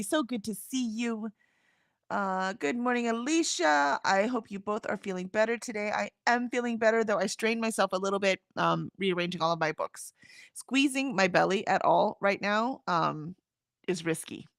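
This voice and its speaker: A woman with a gravelly, fry-edged voice, talking in relaxed stream chatter as she hosts a writing session. Her sound is close and dry, with no room around it. She drifts between small talk and reading comments aloud. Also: medium pitch, moderate pace, dry recording. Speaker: livestream host of writing sprints. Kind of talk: casual chat.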